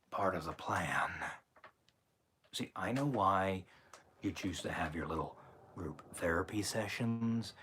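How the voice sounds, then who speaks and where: A man doing a low, hushed taunting villain. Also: a little hiss or hum, exaggerated voice. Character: sinister grinning male villain, calm and taunting. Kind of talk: live stream impression.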